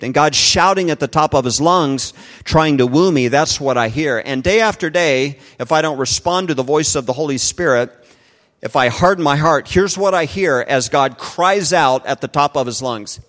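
A man's voice: on the high side, normal speed, a bit bright. A middle-aged man preaching a sermon, earnest and emphatic, often asking the congregation rhetorical questions. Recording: long hall reverb.

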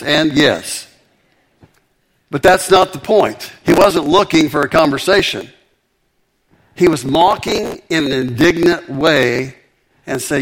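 A man preaching a sermon with emphatic, animated delivery and frequent repetitions. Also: fairly high pitch, gravelly.

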